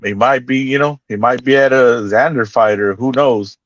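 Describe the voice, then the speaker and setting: A man calling in as a panel member for casual boxing chat, talking in a halting way with lots of "uh" between thoughts. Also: medium pitch, a little hiss or hum. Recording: dull, lo-fi call-in audio.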